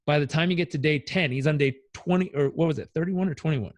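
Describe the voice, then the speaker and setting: A man, a life coach, telling stories in a casual interview, energetic and blunt, swearing freely. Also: a little high, fast talker, dry recording.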